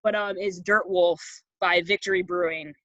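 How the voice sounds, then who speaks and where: Bright, bubbly young woman from Connecticut. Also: lowish voice, fairly even intonation, moderate pace, no echo, lo-fi sound. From Connecticut, New England. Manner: bubbly, chatty, laughs often. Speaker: podcast guest. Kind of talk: casual chat.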